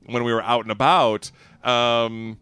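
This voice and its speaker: A man's voice: medium pitch, measured pace, clear, resonant tone, no echo. A man co-hosting a casual talk radio show, telling stories with lots of laughter. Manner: animated, storytelling with laughs. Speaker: radio co-host. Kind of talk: casual chat.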